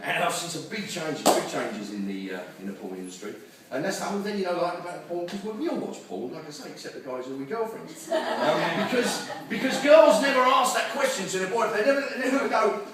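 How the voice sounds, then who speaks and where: A man's voice: high-pitched, animated, fairly quick. An older man doing a crude, boisterous stand-up set, bantering with the crowd in a club. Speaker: stand-up comedian headliner. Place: comedy club stage. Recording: echoey club from far off with loud crowd. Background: audience laughing.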